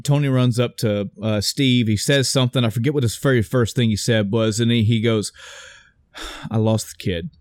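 A young man in casual chat, retelling a movie with animated energy and some swearing. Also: mid-range voice, fairly quick, hardly any pauses, dry recording. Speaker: podcast co-host discussing a movie.

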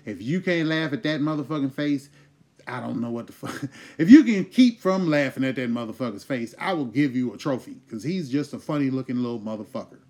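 A man hosting a comedy podcast, ranting loudly and profanely in a casual, riled-up way. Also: medium pitch, animated, brisk. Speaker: host.

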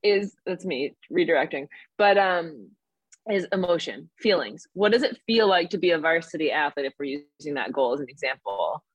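A woman with a New York accent, a mental performance coach explaining things step by step in an energetic podcast interview. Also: low-pitched, moderate pace, slightly rough, dry recording. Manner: energetic, explains in steps with examples.

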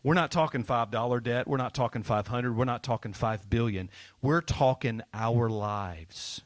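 A man preaching a children's sermon in a bright, playful teaching manner, tossing questions to the kids as he goes. His voice sits in an ordinary middle pitch, recorded close and dry with no room sound. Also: moderate pace, no room sound.

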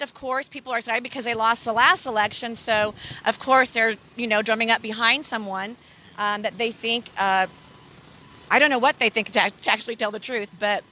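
A woman's voice: a little high, bright, forceful tone, low-quality recording. A woman campaign volunteer answering interview questions outdoors, chatty and repeating herself.

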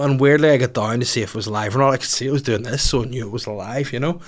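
A man's voice: mid-range voice, fairly even intonation, racing. A man hosting a podcast, telling a rambling comic story with lots of swearing. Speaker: podcast host.

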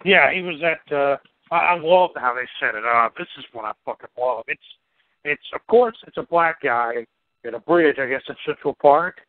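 A man's voice: medium pitch, moderate pace, dry recording. A man co-hosting a podcast, chatting casually about movies in a laid-back, rambling way and swearing freely. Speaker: podcast co-host. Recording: tinny phone-like band-limited sound.

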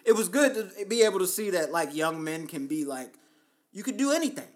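A man's voice: high-pitched, lively intonation, a little fast. A man with a Baltimore accent chatting casually on a podcast, emphatic and joking. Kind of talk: casual chat.

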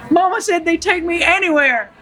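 Woman doing a gentle Southern man on a bench. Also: very high voice, moderate pace, noisy background, voice pushed up. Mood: earnest.

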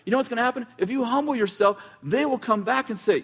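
A man with a notably high voice delivers a relaxed, chatty sermon. He stops and restarts his sentences and drops in dry asides as he goes. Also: fast, hardly any pauses, husky. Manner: casual, self-interrupting, with wry asides. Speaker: preacher. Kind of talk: conversational sermon.

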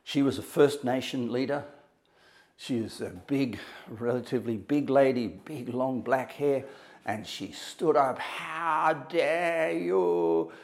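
Male motivational speaker, mid pitch, dramatic pauses, acts out dialogue. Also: a little mellow. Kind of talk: storytelling talk to an audience.

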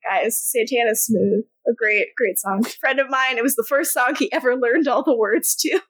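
A woman's voice: on the high side, normal speed, fairly bright tone. A woman co-hosting a podcast, chatting casually through a TV episode recap and laughing often. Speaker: podcast co-host.

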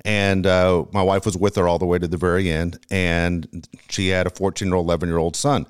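A man's voice: sits low, little pitch movement, brisk, clear, resonant tone. A middle-aged man hosting a sports radio show, telling a personal story in a rambling, emotional way with profanity. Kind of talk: casual sports talk.

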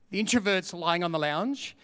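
A man preaching a sermon, animated and humorous, acting out little scenes. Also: high voice, smooth. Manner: animated, humorous, acts out quotes. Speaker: pastor.

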